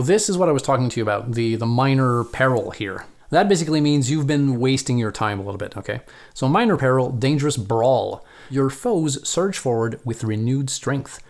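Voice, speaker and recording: A man hosting a solo board game playthrough, reading game text aloud and thinking out loud as he counts moves, with chatty asides to viewers. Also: mid-range voice. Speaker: solo board game player and channel host.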